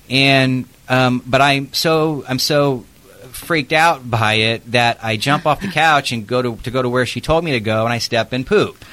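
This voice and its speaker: Guy with a bright forceful voice, chatty investigator spinning a story, lots of ums. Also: mid-range voice, moderate pace. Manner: chatty, lively storyteller with frequent fillers. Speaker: protective services investigator. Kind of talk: casual interview storytelling.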